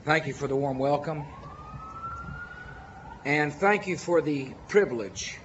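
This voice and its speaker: A man with a Texan accent giving a formal memorial speech as president, earnest and measured, with deliberate pauses. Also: fairly high pitch, muffled recording, noisy background.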